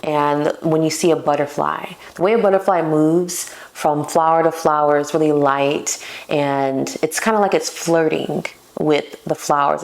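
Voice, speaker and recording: A young woman hosting a casual solo podcast, talking playfully and poking fun at herself. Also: sits low. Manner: playful and self-mocking, laughs at herself. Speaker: podcast host.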